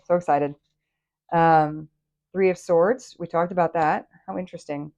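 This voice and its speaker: Excitable woman giving a tarot reading. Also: fairly low pitch, normal speed. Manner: excitable, enthusiastic, chatty with many fillers and restarts. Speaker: tarot reader and channel host. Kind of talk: casual tarot reading to camera.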